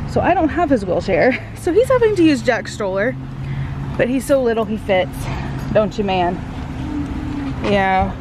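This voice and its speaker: A young woman, a mother and vlog host, casually telling her viewers a story straight to camera. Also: medium pitch. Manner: chatty, animated storytelling, addresses viewers directly. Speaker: vlogger mother. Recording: noisy background.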